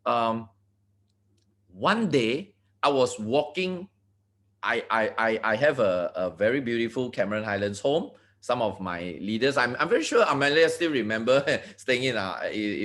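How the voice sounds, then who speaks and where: A man from Malaysia giving a motivational talk to an online group. He talks to the audience directly, asks for agreement, and often repeats words and restarts his sentences. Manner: animated, swinging pitch, repeats words and restarts. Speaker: motivational speaker.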